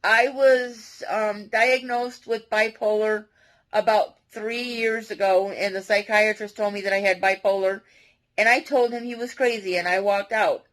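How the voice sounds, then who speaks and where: A woman speaking directly to her viewers in a personal confessional vlog, earnest and halting, often restarting her sentences. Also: mid-range voice, fairly even intonation, fairly bright tone, rough recording. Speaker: vlogger.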